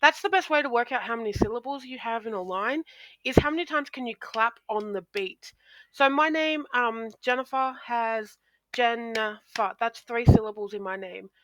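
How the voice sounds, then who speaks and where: Bright-voiced woman teaching a poetry lesson. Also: a little high, brisk. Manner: explanatory, with many ums and restarts. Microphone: close microphone.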